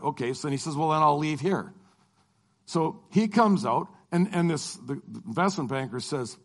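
Animated man telling a travel story. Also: high voice. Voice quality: animated, acts out dialogue. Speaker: Christian lecturer. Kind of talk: storytelling testimony.

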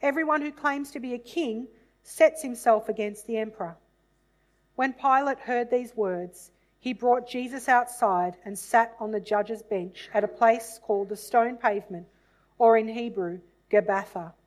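A woman reading a Bible passage aloud in a measured, solemn way, then reflecting on it. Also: a little high, rough recording.

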